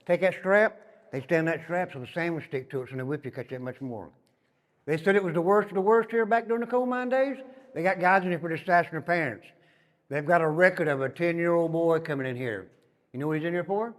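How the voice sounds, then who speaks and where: An older Southern man from Tennessee talks quickly and with force, sitting a little high in pitch. He tells stories from his time inside as he leads a tour, often dropping to a low murmur for short asides. His voice rings with a long echo off hard prison walls. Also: lively intonation. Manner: emphatic, drops to a low murmur on repeated asides. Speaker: former inmate giving a prison tour. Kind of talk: storytelling tour guide. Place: inside an old prison building. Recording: long reverb in hard rooms.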